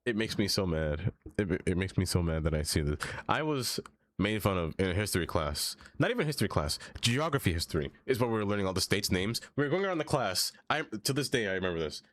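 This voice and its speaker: A man's voice: deep voice, lively intonation, fast talker, a bit bright, no echo, studio quality. A man live-streaming a city-building game, chatting casually and reading chat aloud, ranting animatedly and laughing often.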